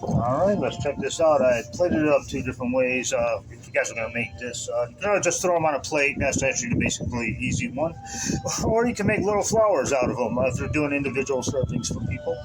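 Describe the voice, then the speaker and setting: A man's voice: mid-range voice, animated, fairly quick, background noise. A man hosting a casual home cooking vlog, rambling and joking at himself as he talks through the recipe. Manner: rambling, self-deprecating, chatty asides. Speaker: channel host.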